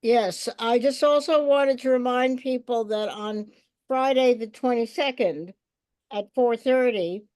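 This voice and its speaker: A woman's voice: fairly high pitch, measured pace, darkish tone, dry recording. A woman making an announcement at an online union meeting, correcting herself as she goes and using fillers. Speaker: union member.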